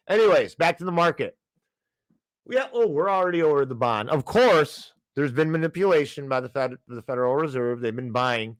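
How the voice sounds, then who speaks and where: A man's voice: mid-range voice, expressive, normal speed, no echo. A man hosting a finance show, ranting heatedly with frequent restarts and apologies. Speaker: podcast host.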